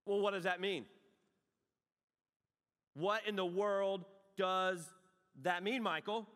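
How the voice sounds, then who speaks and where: A man, preaching a sermon in an animated storytelling way, swinging between loud outbursts and quiet asides. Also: high voice, slow. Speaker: pastor. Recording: long hall reverb.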